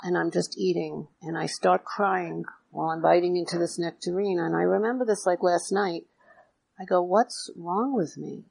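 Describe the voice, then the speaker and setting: A woman's voice: lowish voice, vocal fry, darkish tone, breathy edge, poor audio. A middle-aged woman telling her recovery story, candid and confessional, with self-mocking asides. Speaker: recovery speaker.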